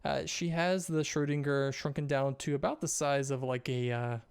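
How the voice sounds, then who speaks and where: A man's voice: a little high, fairly even intonation, normal speed, creaky, smooth. A man narrating as game master in a casual, rambling way with many fillers.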